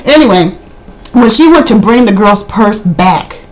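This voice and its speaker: A woman's voice: mid-range voice, lively intonation, measured pace, rough recording. A woman casually recapping a reality TV episode, indignant and gossipy, with lots of "I mean". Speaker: video reviewer.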